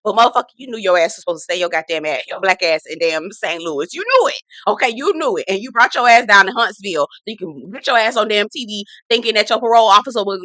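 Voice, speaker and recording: Sassy cussing woman doing a tv recap, bright voice, dry close sound. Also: medium pitch, no room sound. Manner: profane, sassy and animated. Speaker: TV recap host. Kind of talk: casual chat.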